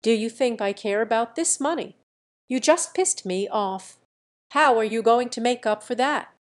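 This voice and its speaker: A woman reading the part of a hot-tempered, proud young princess who speaks in a sharp, demanding, indignant way. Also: medium pitch, animated, unhurried, natural voice. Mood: cold, demanding.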